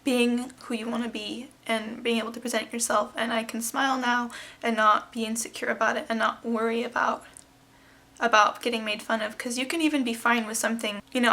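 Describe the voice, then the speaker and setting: Gravelly twenty-something woman vlogger. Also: fairly high pitch, pushed and bright. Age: 20s. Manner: candid, emotional, quoting others in retold dialogue. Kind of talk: casual personal storytelling to camera.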